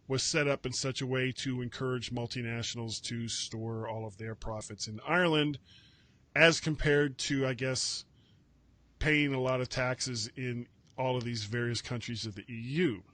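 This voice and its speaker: A man's voice: medium pitch, fairly bright tone, dry recording. A man hosting a casual tech news chat, rambling and correcting himself with wry asides. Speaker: podcast host.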